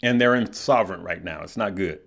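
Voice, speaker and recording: A man's voice: low voice, brisk, gravelly, fairly bright tone. A middle-aged man hosting a live stock market show, talking loosely with viewers, often repeating words and checking in with "right?" and "okay?". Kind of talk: casual live-stream chat reading viewer comments.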